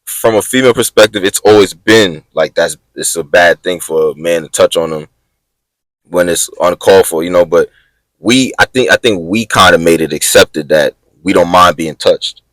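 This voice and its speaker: A man's voice: deep voice, moderate pace, a bit bright, no room sound, low-quality recording. A man co-hosting a podcast in casual chat, laid-back and mostly giving short agreeing replies. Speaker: podcast co-host.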